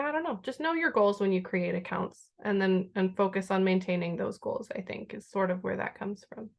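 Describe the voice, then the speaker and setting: A woman writer in casual podcast chat, talking in a loose, chatty way with many fillers. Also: medium pitch.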